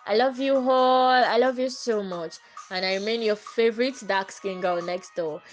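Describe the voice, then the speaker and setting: A woman's voice: fairly high pitch, moderate pace, soft background music, poor audio. A woman hosting a casual solo podcast, talking earnestly and repeating her phrases, her voice slightly stuffy from catarrh. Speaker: podcast host.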